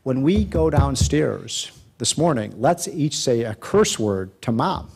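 A man's voice: mid-range voice, very animated, slow pace, vocal fry, a little mellow, slightly rough, exaggerated voice. A man doing a cheeky seven-year-old boy. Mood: scheming. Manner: mischievous, conspiratorial.

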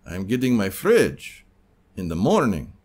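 A man voicing a patient, wry male Soviet car buyer in a put-on Russian accent, calm and deadpan. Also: lowish voice, a little slow, full character voice.

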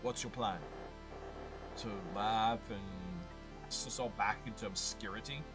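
A man voicing a scornful old king with a put-on slight British accent, in a deep, slow, drawling menace. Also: steady tone, music in the background, close to an everyday voice.

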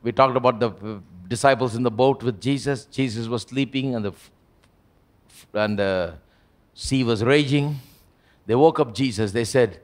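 A man preaching a live church sermon as pastor, acting out quotes with sudden jumps in pitch. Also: normal speed. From India. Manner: animated, acts out quotes with big pitch jumps. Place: church service hall.

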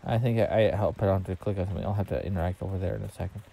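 A man's voice: low-pitched, fairly even intonation, rapid-fire, gravelly, mellow. A man casually commenting while he plays a game, rambling and thinking aloud with plenty of fillers. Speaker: streamer.

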